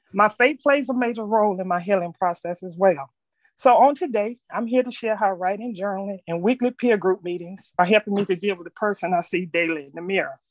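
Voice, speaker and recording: A middle-aged woman reading a personal reflection aloud to a group, earnest and measured, stumbling now and then. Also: medium pitch, no echo. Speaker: speaker sharing her story.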